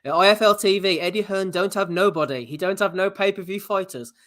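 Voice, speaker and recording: A man's voice: sits high, fairly quick, a bit bright. British podcast guy, laughs a lot, reads tweets out, casual chat. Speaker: podcast co-host. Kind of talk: casual banter about boxing.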